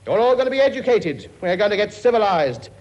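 A man's voice: high voice, very animated, fast talker, darkish tone. A man playing a blustering king who bosses his many children, talking brashly and cracking jokes in a studio comedy sketch. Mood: bossy. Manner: brash, bossy, wisecracking. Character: blustering cockney-style king, bossy father of many. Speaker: comic actor playing a king.

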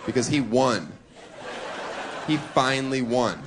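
A male stand-up comedian works through his routine at a middle pitch, dropping deadpan asides and chuckling at his own jokes. His setups are deliberately provocative. The sound comes through a handheld stage mic in a live recording with steady background noise. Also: a crowd in the background.

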